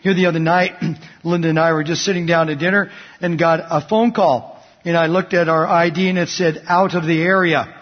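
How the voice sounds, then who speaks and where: A man's voice: a little high, steady tone, a little fast. A man preaching a sermon, conversational, asking the congregation questions and telling personal stories. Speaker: pastor. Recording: dull lo-fi recording in a reverberant hall.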